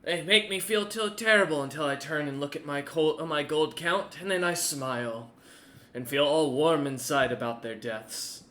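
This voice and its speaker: A man's voice: on the high side, normal speed, pushed and bright. A man voicing a ruthless, greedy male warrior chief who talks in a mocking, menacing way, recorded in an echoey room.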